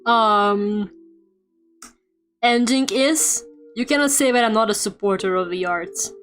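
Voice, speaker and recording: A woman's voice: mid-range voice, measured pace. A young woman streamer chatting casually and playfully while she draws, with lots of fillers and joking rants. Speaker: streamer and artist. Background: quiet game music playing.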